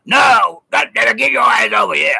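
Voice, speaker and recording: A man voicing a gruff, short, jolly sergeant who hollers across a kitchen. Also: very high-pitched, expressive, moderate pace, bright, forceful tone, no echo, shouting, pitched above the performer's own voice, full character voice. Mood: hollering.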